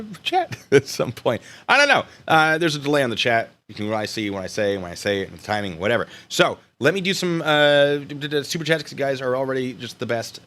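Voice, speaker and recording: A bright, lively American man hosts a live stream and chats casually with his viewers. His pitch jumps around a lot, and he swings between loud bursts and quiet mumbled asides.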